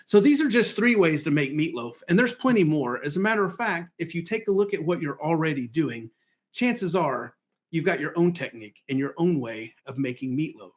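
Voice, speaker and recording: Middle-aged guy, kinda high voice, casual folksy lesson, tells little stories and does the voices. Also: animated, moderate pace. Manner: folksy storytelling, acts out quoted voices. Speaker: presentation skills trainer.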